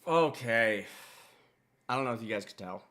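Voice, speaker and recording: A man's voice: mid-range voice, animated, normal speed, fairly bright tone, a little hiss or hum. A man hosting a music reaction video, talking in a laid-back, rambling and profane way. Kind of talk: casual album reaction commentary.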